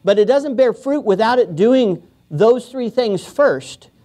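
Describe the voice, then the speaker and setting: A man's voice: extremely high pitch, animated, takes it slowly, dark tone. A man preaching a sermon as pastor, in a casual, joking way, often chuckling and acting out quoted voices. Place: church.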